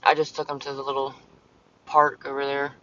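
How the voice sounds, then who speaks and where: A man's voice: mid-range voice, completely flat delivery, brisk, pushed and bright, dull audio, a little hiss or hum. A man streaming casually from his parked car, rambling, swearing often and talking back to commenters. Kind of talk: casual livestream chat. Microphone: phone.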